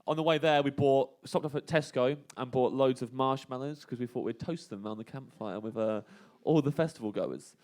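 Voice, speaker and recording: A man's voice: mid-range voice, a little fast, few pauses, a little mellow. A man comedian telling a rambling festival anecdote in casual chat, laughing often between lines. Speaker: comedian guest telling a story. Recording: radio studio banter.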